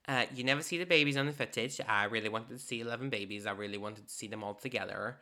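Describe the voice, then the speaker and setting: A woman talking casually and playfully about an artist's work, with sassy, animated asides. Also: very deep voice, fast talker.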